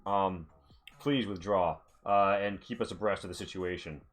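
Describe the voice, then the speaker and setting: A man's voice: sits low, steady tone, normal speed, soft background music, close to an everyday voice. A man voicing a formal radio dispatch operator in a tabletop game, talking in stiff, procedural radio language. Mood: businesslike.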